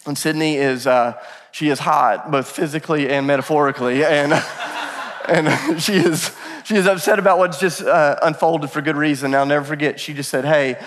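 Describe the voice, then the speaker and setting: A male pastor in his thirties preaching a sermon, telling stories in an animated way with self-deprecating humor. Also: on the high side, normal speed, a little hiss or hum. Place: church sanctuary. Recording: long church hall reverb.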